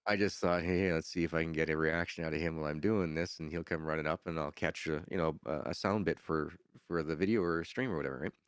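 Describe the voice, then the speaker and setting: A man's voice: extremely low pitch, fairly even intonation, fast talker, hardly any pauses, clear, resonant tone, dry recording, studio quality. A man chatting casually as a podcast guest, rambling and laughing often. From Canada. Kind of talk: casual chat.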